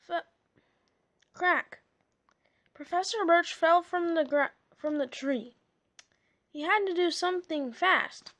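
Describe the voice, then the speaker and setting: Slow, high-voiced woman reading a storybook. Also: a bit bright. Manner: slow, chatty, amused asides. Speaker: reader. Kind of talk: reading a storybook aloud with chatty asides.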